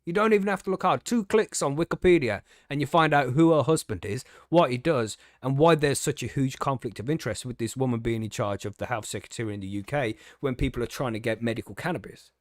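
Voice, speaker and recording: A man's voice: medium pitch, fast talker, few pauses, no echo. Indignant man ranting, dry sound. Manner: indignant, sarcastic, swearing. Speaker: podcast host. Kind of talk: casual ranting commentary.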